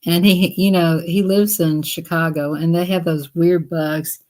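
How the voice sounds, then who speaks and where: A woman's voice: fairly low pitch, fairly even intonation, unhurried, darkish tone. Chatty woman laughing through her stories. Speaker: live streamer. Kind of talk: casual storytelling chat.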